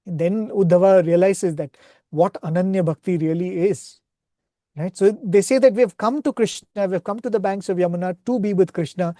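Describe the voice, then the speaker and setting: A man's voice: sits high, a little fast, dark tone, dry recording, studio quality. A man speaking at a spiritual retreat, earnestly retelling scripture stories in a devotional talk and often checking in with "right?".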